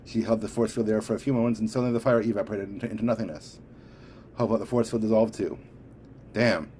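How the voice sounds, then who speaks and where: A man with a low voice reads a superhero story aloud in a steady, measured way, now and then tripping over a word. A faint hiss of background noise runs under the recording. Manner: steady, measured, occasional slips. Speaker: audiobook reader. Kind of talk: audiobook narration.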